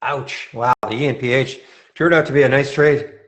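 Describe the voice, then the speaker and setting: A man's voice: medium pitch, steady tone, normal speed, fairly bright tone. A man hosting a live trading room, commenting on stock charts in a casual, thinking-aloud way with frequent restarts.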